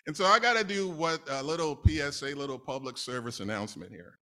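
A man's voice: mid-range voice, fast, sharp tone. A man from New City, preaching a casual, conversational sermon with laughing asides. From New York City. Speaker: lay preacher.

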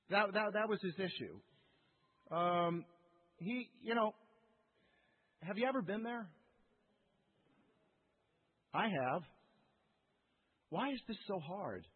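A male pastor preaching a sermon in an animated, conversational way, asking the audience questions. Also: sits high. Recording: echoey hall, tinny lo-fi sound.

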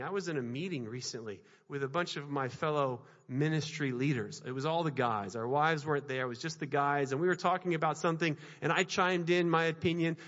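A man's voice: on the high side, a bit bright. A man preaching a sermon, telling a personal story earnestly with repeated phrases and frequent restarts. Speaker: minister. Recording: dull sound with long hall reverb.

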